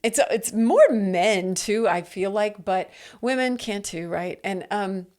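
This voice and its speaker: A woman's voice: mid-range voice, animated, takes it slowly, darkish tone. Earnest, chatty middle-aged woman podcaster. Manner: earnest, chatty, with many restarts and "right?" checks. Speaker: podcast host. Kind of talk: solo motivational podcast talk. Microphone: headphones with a mic.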